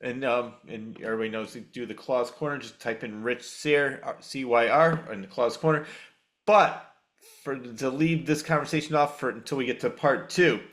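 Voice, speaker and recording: An eager man hosting a casual podcast chat, with a voice of ordinary pitch for a man. He sounds lively as he plugs channels and swaps stories with his guest. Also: moderate pace. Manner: enthusiastic, plugging channels. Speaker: podcast host.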